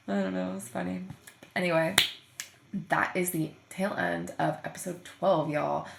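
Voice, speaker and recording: A woman's voice: fairly low pitch, fairly even intonation, a little slow, gravelly, a little hiss or hum. A young woman hosting her own podcast and chatting casually about her voice students, with lots of "like" and "um". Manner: chatty, fills speech with "like" and "um". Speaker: podcast host and voice teacher. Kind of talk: casual solo podcast chat. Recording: echoey room.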